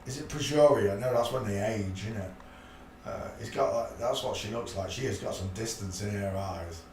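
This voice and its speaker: A man's voice: lowish voice, normal speed, darkish tone. A man hosting a rambling live stream, muttering to himself and chuckling in a blunt, offhand way. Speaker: channel host. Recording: echoey room, mic at a distance, faint hiss.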